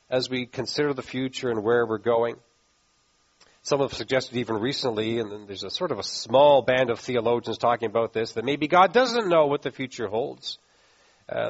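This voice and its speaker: A man's voice: mid-range voice, husky, lo-fi sound. A pastor giving a conversational sermon, asking his listeners questions. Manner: conversational preaching with rhetorical questions.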